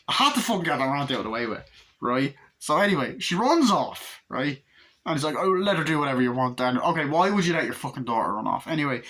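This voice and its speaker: A man's voice: medium pitch, a bit bright. A young man giving a casual, rambling movie review, hyper and swearing a lot, slipping into silly voices for quotes.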